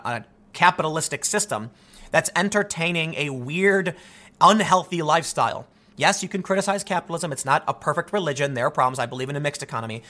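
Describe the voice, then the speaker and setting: Male political commentator, bright and slightly high, argumentative monologue. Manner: animated, argumentative, with frequent restarts.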